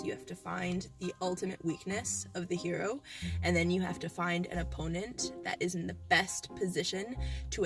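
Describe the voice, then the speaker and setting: A young woman vlogging in a casual diary style, playful and dramatic, swinging between musing and mock despair. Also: fairly low pitch. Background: music.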